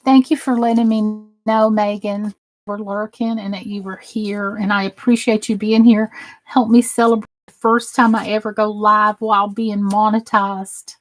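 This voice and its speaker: This crafting livestream host is a middle-aged woman from the Southern United States with a matching accent. She jokes around casually, reading viewer comments aloud and responding, in a mid-range voice with flat delivery at normal speed.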